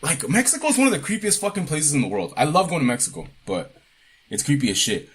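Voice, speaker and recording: A man's voice: on the high side, big pitch swings, fast talker, a bit bright, breathy edge. A man co-hosting a podcast, telling a childhood story in a casual, profane, laid-back way. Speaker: podcast co-host.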